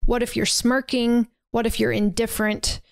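Her fairly high, gravelly voice shows little pitch movement at a normal speed with no room sound. She's a podcast host giving a casual, chatty movie recap scene by scene, quoting dialogue with lots of fillers.

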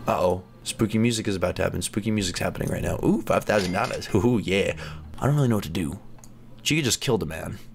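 A man hosting a gaming channel, chatting and reacting excitedly as he plays through a game. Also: sits low, fast, vocal fry. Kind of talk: let's play commentary.

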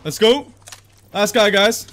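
Excitable young man streaming gameplay. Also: sits high, takes it slowly. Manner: excitable, yelling at opponents. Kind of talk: live gameplay commentary.

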